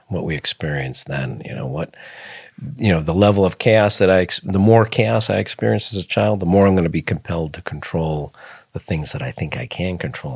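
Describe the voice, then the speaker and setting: Deep gravelly reflective man. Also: no echo, studio quality. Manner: reflective, murmurs agreement. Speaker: podcast guest. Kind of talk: casual conversation.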